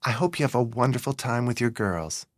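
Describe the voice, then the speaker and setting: Hörbuch: ein Mann als gelassene, herzliche Frau, leicht höher gesprochen. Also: male voice, medium pitch, lively intonation, fairly quick, no echo, pitched above the performer's own voice, natural voice. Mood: warm. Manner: warm, reassuring. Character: kind, composed adult woman traveler.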